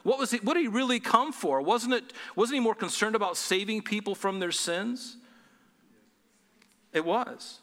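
A man preaching in a lively sermon, throwing rhetorical questions at his listeners. His voice sits a little high and rings bright and forceful. It carries a long reverb from a large hall. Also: normal speed. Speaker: pastor.

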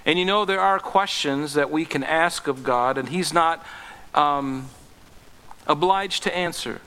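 A man preaching from the pulpit with a bright, forceful voice pitched a little high. He pleads with rising intensity, then sinks to a soft, gentle hush. His voice rings out with the long reverb of a church hall. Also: unhurried, clean tone. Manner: earnest, rises to impassioned pleading then drops low and gentle. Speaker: pastor. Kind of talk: sermon.

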